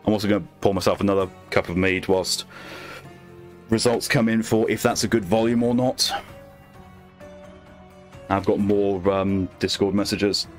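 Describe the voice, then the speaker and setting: Calm low-voiced male streamer. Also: moderate pace, pauses often, faint music behind. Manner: chatty, replies to chat messages aloud; calm, soothing voice meant to lull viewers to sleep. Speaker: game streamer. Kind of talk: late-night gaming livestream chat.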